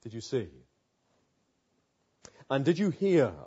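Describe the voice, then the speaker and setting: A man's voice: mid-range voice, very animated, takes it slowly, mellow, breathy edge, muffled recording. A man preaching a sermon, building vivid pictures through repeated rhetorical questions.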